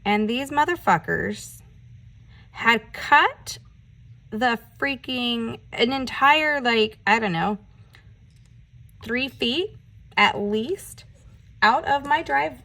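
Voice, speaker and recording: A woman vlogger chatting casually while doing her nails, telling a story in an animated, ranting way and swearing often. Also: on the high side. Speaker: nail art vlogger.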